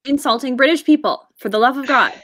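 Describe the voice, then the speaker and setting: A woman's voice: high-pitched, fast, fairly bright tone. A woman playing an exasperated young woman who keeps scolding her friends.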